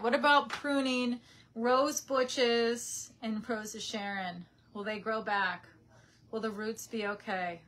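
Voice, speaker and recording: A woman's voice: medium pitch, a bit bright, slight background noise. A young woman chatting casually on a live stream from her parents' house, reading out viewer comments on a webcam mic.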